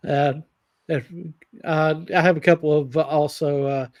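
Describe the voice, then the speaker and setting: A man co-hosting a sports show, joking in a halting way. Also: on the high side, fairly even intonation, dry recording.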